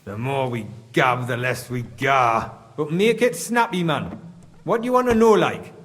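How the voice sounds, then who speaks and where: A gruff Geordie mine foreman. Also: mid-range voice, animated, unhurried, fairly bright tone, big-room sound. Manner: blunt, grumbling, heavy dialect slang. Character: gruff middle-aged male mine foreman, grumbling and suspicious.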